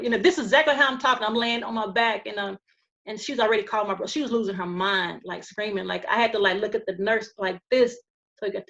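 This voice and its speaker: Female podcast guest, mid-range voice, halting storyteller with many restarts and fillers, calm and earnest. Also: medium pitch. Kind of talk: personal storytelling.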